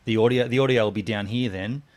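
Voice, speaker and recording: A man's voice: fairly low pitch, fast talker. A man co-hosting a casual video-call chat, laid-back and a little sheepish. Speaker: podcast co-host.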